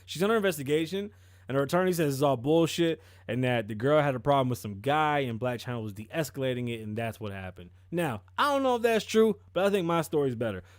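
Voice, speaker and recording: A male podcast host in casual commentary, swearing freely and telling stories with animated energy. His voice sits in a middle pitch, and the sound is dry and close with no room echo. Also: fast talker. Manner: profane, animated storytelling.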